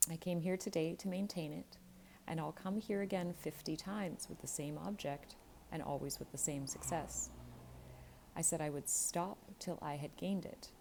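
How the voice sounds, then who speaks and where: Sneery bitter young guy from a storybook, read by a woman with a low gravelly voice. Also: fairly even intonation, moderate pace, dark tone, a little hiss or hum, low-quality recording. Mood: defiant. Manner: sneering, defiant.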